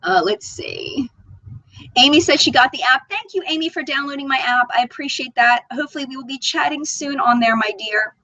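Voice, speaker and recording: A woman's voice: high-pitched, a little fast, pushed and bright, no echo, rough recording. A woman hosting a live makeup chat stream, reading viewer comments aloud and gushing over them. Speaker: beauty channel host.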